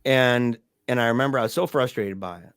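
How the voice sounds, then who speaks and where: A middle-aged man telling a personal story as a podcast guest, in a halting, conversational way with restarts and soft laughs. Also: mid-range voice, clean tone, dry recording, studio quality.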